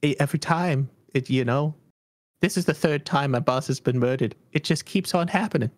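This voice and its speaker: A man voicing a frantic, weepy male servant with a clay-like head, high-pitched and overwrought in a tabletop game. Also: normal speed, dry recording, close to an everyday voice. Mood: distraught.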